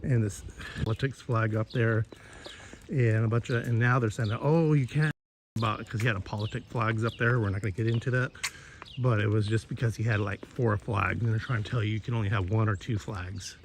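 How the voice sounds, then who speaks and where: A man's voice: fairly low pitch, fairly even intonation, a little fast, a little hiss or hum. A man chatting casually while walking his neighborhood, rambling and swearing as he gossips about the neighbors. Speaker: vlogger. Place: outdoors in a neighborhood.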